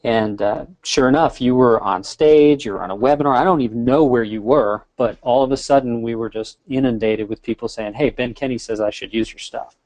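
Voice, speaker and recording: A man who is a guest on a webinar, chatting casually as a relaxed, friendly storyteller who jokes along. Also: mid-range voice, brisk, hardly any pauses, no room sound. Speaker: software founder guest.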